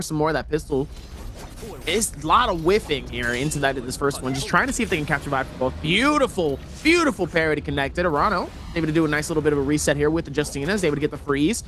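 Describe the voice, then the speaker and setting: A man casting an esports match, playful and quick to joke and laugh between plays. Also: a little high, slight background noise. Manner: joking, animated, laughs often. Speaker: esports caster.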